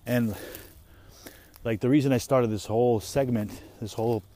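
Rambling, profane young man, mellow voice. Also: mid-range voice, fairly even intonation, normal speed, a little hiss or hum. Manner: rambling, profane, trailing off and restarting. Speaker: vlogger and parent. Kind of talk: casual monologue while walking outdoors. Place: woods outdoors.

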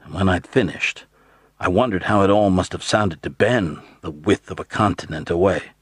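A man narrating an audiobook in the first person, measured and steady. His voice sits very low with a husky edge, and the close, dry studio mic keeps every word near. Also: dry recording.

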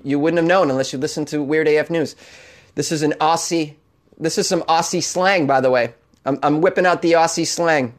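Playful man riffing on odd news. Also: a little high. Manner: jokey, laughs often, reads news then riffs on it. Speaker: comedy news podcast host. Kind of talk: casual comedic news reading.

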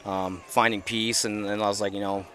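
A man's voice: fairly low pitch, flat delivery, moderate pace, sharp tone. Earnest rambling man outdoors. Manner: earnest, rambling, many fillers. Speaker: podcast guest. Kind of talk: casual interview chat. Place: outdoors at an event.

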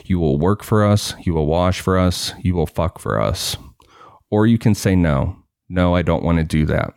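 A cold, dispassionate male kidnapper speaking in a low, even voice, as a man reads his lines aloud. He sounds calm and menacing, and the recording is dry and close. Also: moderate pace, smooth, no room sound.

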